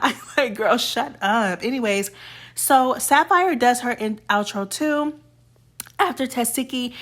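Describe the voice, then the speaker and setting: A woman's voice: fairly high pitch, fairly bright tone. Sassy chatty woman recapping reality TV. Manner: sassy and chatty, laughs often, quotes cast members. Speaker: reality show recap host. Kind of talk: casual recap commentary.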